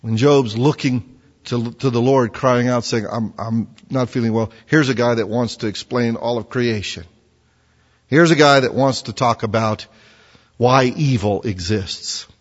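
A man's voice: mid-range voice, a little slow. A man preaching a sermon in a conversational way, full of rhetorical questions. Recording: dull sound with long hall reverb.

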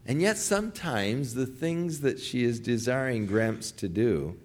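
A man's voice: medium pitch, expressive, measured pace. An older man and grandfather preaching a sermon, telling stories and acting out pleading voices as he speaks. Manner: storytelling, acts out pleading voices.

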